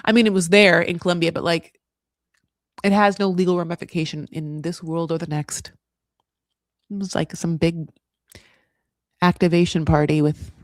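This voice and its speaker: A woman's voice: fairly low pitch, dry recording, studio quality. An American woman recapping a reality show in a chatty, sarcastic way, full of asides and restarts. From United States.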